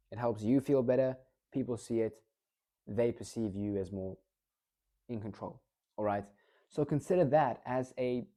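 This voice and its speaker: Male speaking coach, very dark and mellow tone, lively casual delivery with frequent check-ins. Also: medium pitch. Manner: energetic, demonstrative, checks in with the listener often. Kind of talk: casual instructional talk.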